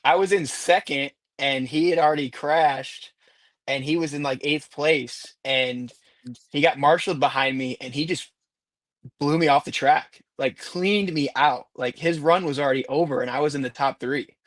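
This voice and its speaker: A man talking as a guest racer on a casual live stream, telling animated stories and laughing often. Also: on the high side, normal speed, no room sound.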